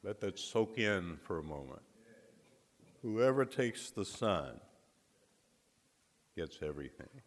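A man preaching a sermon, telling a story with dramatic pauses and emphatic repetition. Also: sits low, big pitch swings. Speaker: guest preacher. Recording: long hall reverb.

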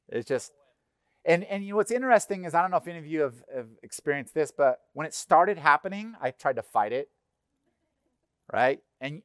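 A middle-aged man preaching a sermon in a conversational, animated way, acting out little voices. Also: fairly high pitch, clean tone, no echo, clean studio sound. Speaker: pastor. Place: church.

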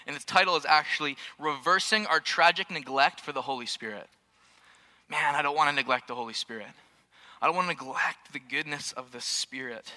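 A man's voice: a little high, a little fast, pushed and bright. A man in his thirties preaching to a church congregation, with jokey storytelling and questions to the room. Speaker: pastor. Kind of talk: sermon. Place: church auditorium.

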